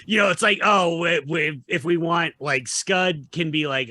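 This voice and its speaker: A man's voice: fairly high pitch, measured pace, hardly any pauses, sharp tone, no echo. A man co-hosting a podcast, working through arguments about films in a casual way, with occasional swearing. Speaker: podcast co-host. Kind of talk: casual film discussion.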